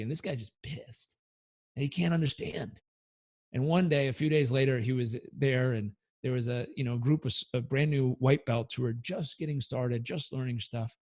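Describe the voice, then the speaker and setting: In a conversational interview, this motivational coach recounts a story with animation, voicing the characters himself. He has a slightly high voice and speaks fairly quickly.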